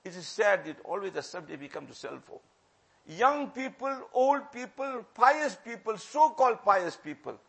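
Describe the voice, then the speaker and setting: A man delivers a sermon in a husky, gravelly voice. He pleads and warns with passion, hammering phrases again and again and dropping suddenly to a near hush. His voice sits high for a man. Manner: impassioned, repeats phrases for emphasis, swings from loud to hushed. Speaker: religious preacher.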